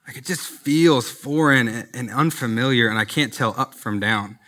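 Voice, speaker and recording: Male pastor, bright tone, earnest conversational sermon delivery. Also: medium pitch, normal speed. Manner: earnest, conversational preaching with personal asides.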